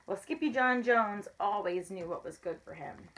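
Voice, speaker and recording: A woman reading a children's picture book aloud, pausing to explain big words for young listeners. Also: mid-range voice, animated, fairly bright tone. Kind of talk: storybook read-aloud.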